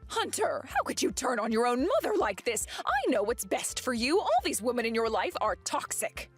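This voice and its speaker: A woman's voice: on the high side, sing-song, moderate pace, breathy edge, soft background music. A woman voicing a possessive, scheming mother-in-law who talks in a defensive, indignant way.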